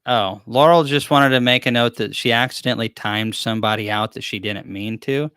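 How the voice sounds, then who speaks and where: A beekeeping channel host with a medium-pitched, slightly bright, smooth voice talks briskly during a live-stream Q&A. He is rambling, easygoing, and self-deprecating. The audio is studio quality with no echo.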